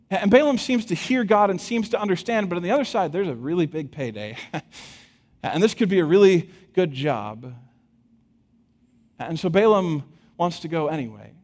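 A man preaching a sermon, retelling a scripture story with an animated, chuckling storytelling manner and addressing the congregation directly. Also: sits high, normal speed, long pauses. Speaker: pastor. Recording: long hall reverb.

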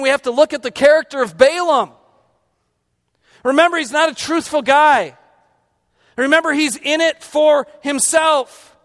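A man's voice: very high voice, a bit bright, in a large hall. A male pastor preaching a conversational sermon, quizzing his congregation and slipping in humorous asides.

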